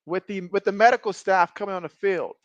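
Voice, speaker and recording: A man streaming a game, giving casual play-by-play, reading viewer chat and joking often, getting excitable on big plays. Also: high-pitched, fast talker, dry recording, highs cut off. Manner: jokey, excitable, often laughs. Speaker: live-stream sports commentator.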